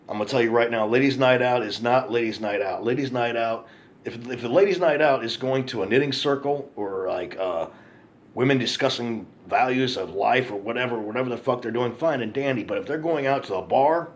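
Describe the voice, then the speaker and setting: A man telling an angry, profane story to camera in a ranting monologue, repeating himself for emphasis. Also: medium pitch. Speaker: vlogger.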